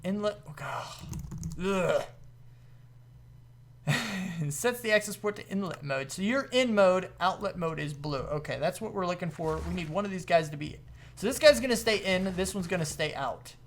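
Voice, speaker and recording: Excitable gamer man, lively pitch. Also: brisk. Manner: excitable, jumps to high exclaims, laughs often. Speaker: gaming video host. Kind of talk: casual gameplay commentary.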